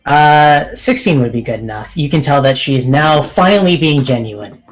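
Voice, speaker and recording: A man narrating as game master at a tabletop game, unhurried, with filler words. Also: fairly high pitch, animated, low-quality recording.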